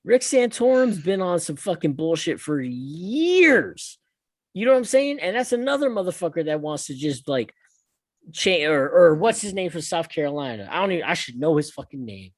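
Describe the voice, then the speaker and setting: A male podcast host ranting in loose, profane chat, his pitch leaping all over the place. He swings from loud bursts down to muttered asides, recorded close and dry with no room sound. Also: very animated, a little fast, no room sound.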